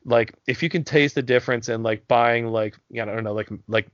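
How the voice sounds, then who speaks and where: A man from Pennsylvania co-hosts a loose, profane podcast chat. He rambles and restarts his sentences, leaning on fillers. His voice sits at an average pitch, and the recording is dry and a little dull. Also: steady tone, fairly quick, no echo. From south central Pennsylvania. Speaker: podcast co-host.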